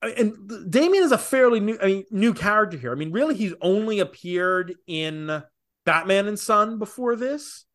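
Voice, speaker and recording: A man co-hosting a casual podcast, talking opinionatedly with rapid asides. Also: high-pitched, animated, fairly bright tone. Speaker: podcast co-host. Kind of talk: casual comics podcast chat.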